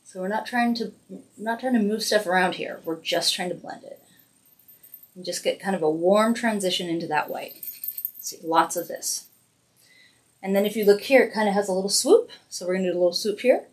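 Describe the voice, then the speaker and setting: A woman's voice: mid-range voice, fairly quick. Woman, makeup livestream host, casual tutorial, chatty, encouraging, narrates each step. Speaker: makeup brand host doing a weekly live demo.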